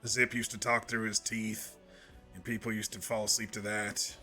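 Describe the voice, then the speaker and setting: A man's voice: lowish voice, level tone, moderate pace, bright, forceful tone, faint music behind. A man streaming a game, chatting casually to viewers in a soothing, rambling way with many restarts.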